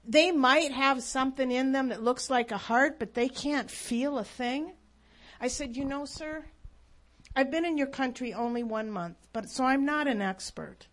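A woman telling a faith story as a sermon, earnest and emphatic. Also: high-pitched. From United States. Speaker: speaker.

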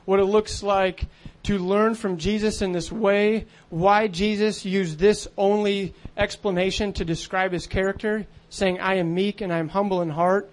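A man preaching a sermon in an earnest, conversational way, with frequent fillers. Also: high-pitched.

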